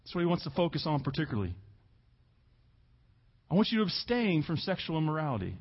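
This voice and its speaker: A man preaching a sermon as pastor, earnest, stressing key words slowly and repeating himself for emphasis. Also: a little high, sing-song, slightly rough, highs cut off.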